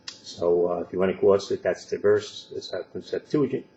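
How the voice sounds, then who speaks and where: A man giving casual spoken commentary for an online video, halting and full of filler sounds. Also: low-pitched, dark tone, roomy sound, highs cut off, slight background noise.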